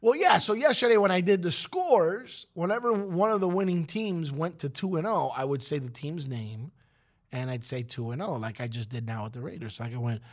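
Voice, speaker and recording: A man with a raspy voice hosting a morning radio show, rambling and joking with his co-hosts. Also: normal speed. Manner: jokey, rambling, sometimes drops to a low corporate voice. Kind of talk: casual morning show banter.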